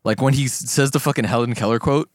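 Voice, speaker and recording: A man's voice: mid-range voice, fairly even intonation, fast talker, dry recording, clean studio sound. A young man co-hosting a casual anime discussion podcast, talking in a laid-back, slangy way and laughing often. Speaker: podcast co-host.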